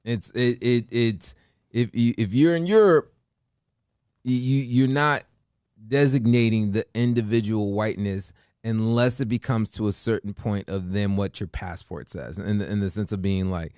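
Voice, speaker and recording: A man's voice: fairly low pitch, normal speed, clean tone, no echo, clean studio sound. A man with an American accent hosting a morning show, talking casually and acting out what others say, with many restarts. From United States. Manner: animated, acts out quotes, many restarts. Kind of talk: casual conversation.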